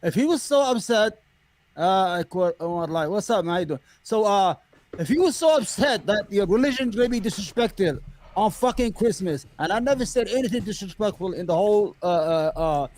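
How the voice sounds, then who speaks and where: A man's voice: sits high, animated, brisk, a little mellow. A man hosting a podcast, telling a story in a heated, profane casual rant. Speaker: podcast host. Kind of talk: casual current-events rant.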